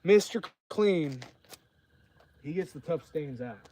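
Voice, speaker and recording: A tipsy man chats live from beside an outdoor campfire, wandering from tangent to tangent with plenty of swearing. His voice sits a little high for a man, loose and unhurried in its drift. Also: expressive, mellow, a little hiss or hum. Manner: rambling and profane. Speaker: streamer. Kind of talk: casual livestream chat.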